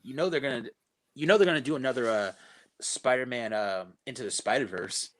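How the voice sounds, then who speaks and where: A man co-hosting a podcast, chatting in an excitable way. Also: medium pitch, a little fast. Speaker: podcast co-host. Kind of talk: casual chat.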